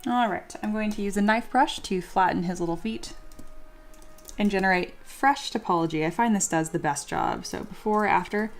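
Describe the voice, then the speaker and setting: Here a livestream host talks casually while sculpting 3D models, reading viewer comments aloud and joking at her own expense. Her mid-range voice moves at a normal speed over soft background music.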